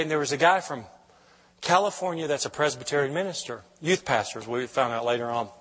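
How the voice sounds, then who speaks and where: In a church with long hall reverb, a middle-aged man with a slightly high, somewhat bright voice gives his sermon testimony as a guest preacher. He tells it emotionally, storytelling-style, often starting over mid-sentence.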